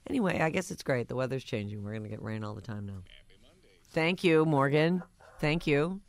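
A man's voice: mid-range voice, animated, a little fast, no echo. A man, hosting a radio show in casual, wry banter that drifts between topics. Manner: wry, chatty, trails off mid-sentence.

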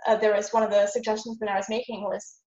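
A woman's voice: mid-range voice, level tone, fast, darkish tone, echoey room, highs cut off. A woman guest on a podcast, talking earnestly in a casual interview and acting out her own thoughts, sounding a little sick.

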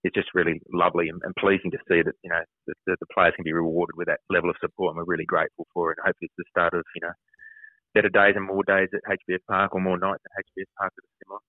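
Low-voiced man on a tinny phone line. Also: little pitch movement, racing, no room sound. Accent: Australian. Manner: hesitant, many fillers and restarts. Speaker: football club CEO guest. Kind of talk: phone interview answers. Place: phone call.

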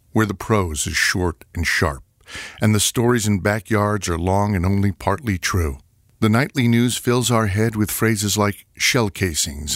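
A man's voice: low voice, no room sound, studio quality. A man reading a wry, scripted radio essay as host. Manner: wry storyteller, acts out little quotes.

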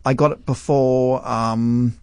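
A man with a posh southern English accent, a magician guest on a radio show, telling stories in an animated way and laughing often. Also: medium pitch, slow pace, smooth, no room sound. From London. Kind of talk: radio interview.

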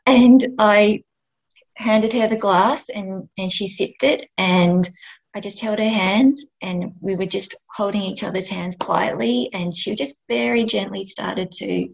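Gentle gravelly Australian woman. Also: mid-range voice, unhurried, poor audio. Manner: gentle, emotional, heartfelt. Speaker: end of life doula and nurse, guest. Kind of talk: podcast interview, storytelling.

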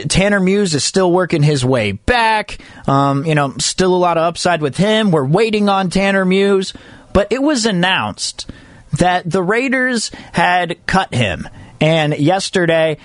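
A man's voice: a little high, no echo, clean studio sound. A man hosting a sports talk show, chatting casually and rambling, with fillers and restarts. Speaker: sports radio host.

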